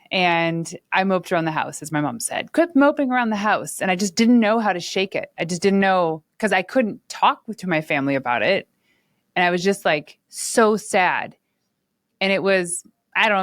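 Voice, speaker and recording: A woman hosting a podcast, telling personal stories in a lively, conversational way with laughs. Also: fairly low pitch, no echo, clean studio sound. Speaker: podcast host. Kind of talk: conversational storytelling.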